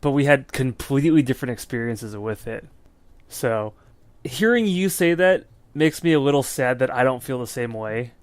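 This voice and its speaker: A man co-hosting a film podcast, giving blunt, opinionated views in a relaxed, casual way. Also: medium pitch, moderate pace, dry recording. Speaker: podcast co-host.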